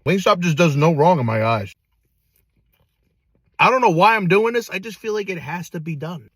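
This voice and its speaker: High-voiced hyped food-review guy. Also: animated, normal speed, a bit bright, no room sound. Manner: hyped, slangy, calls food bodacious. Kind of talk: casual food review vlog.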